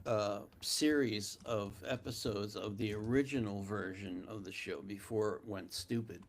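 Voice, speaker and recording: A man's voice: fairly low pitch, steady tone, unhurried. A middle-aged man co-hosting a casual live chat, telling blunt anecdotes with hesitant fillers. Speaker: co-host, film producer.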